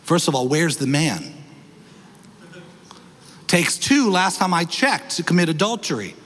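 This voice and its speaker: A male pastor preaching a sermon, emphatic, his pitch and pace swinging widely. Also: fairly bright tone, big-room sound. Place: church sanctuary.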